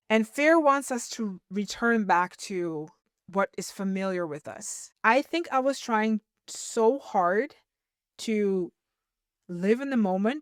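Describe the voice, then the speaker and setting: A young woman speaks as a podcast host, sharing a personal faith testimony in a reflective, heartfelt way. Her voice sits at an average pitch and sounds close and dry, with no room echo. A slight tearful edge runs through her earnest delivery.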